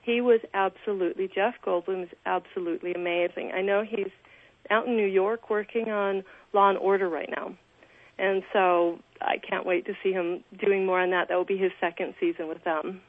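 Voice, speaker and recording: A woman's voice: mid-range voice, fairly even intonation, normal speed, dry recording. An actress being interviewed over the phone, gushing and restarting her sentences often. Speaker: actress guest. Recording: tinny phone line.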